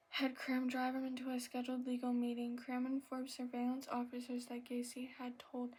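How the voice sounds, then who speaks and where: A woman reads aloud in a soft ASMR voice, breathy and a little out of breath. Her voice sits fairly high but stays flat and even, with few rises or falls. She trips over words, apologizes, and now and then sinks into a whisper. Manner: soft reading with stumbles and apologies, slipping into whispers. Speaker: ASMR channel host.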